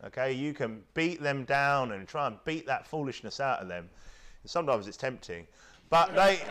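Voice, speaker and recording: A British man preaching a sermon, with lively delivery, stammered restarts and mocking impressions. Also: mid-range voice, normal speed. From United Kingdom.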